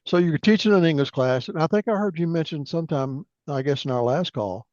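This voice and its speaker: A man's voice: fairly high pitch, a little fast, a little mellow, no echo. A man chatting over an online call, asking questions and drifting into long, rambling family stories. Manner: rambling, tangential storyteller. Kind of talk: casual conversation on a call. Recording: dull, dry online call audio.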